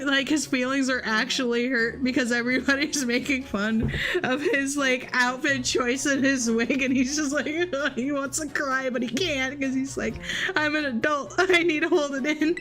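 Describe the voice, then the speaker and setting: A woman's voice: sits high, fairly bright tone. A woman streamer giving casual, giggly let's play commentary in a rambling way. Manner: giggly, rambling, breaks into laughter. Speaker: VTuber streamer.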